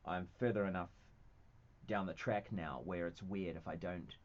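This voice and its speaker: A man's voice: low-pitched, fairly even intonation, normal speed. A man with a New Zealand accent chatting casually as a guest, laid-back and self-mocking, often trailing off mid-thought. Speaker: guest comedian and actor. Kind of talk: casual chat. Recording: dull lo-fi radio studio sound.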